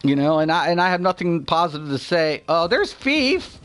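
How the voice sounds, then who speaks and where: A young man talks loosely to his stream while he plays, his voice sitting a little higher than most men's. He rambles from one thought to the next, swears freely, and laughs between points. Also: big pitch swings, moderate pace, hardly any pauses, fairly bright tone, clean tone. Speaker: gaming streamer. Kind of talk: casual live-stream chat.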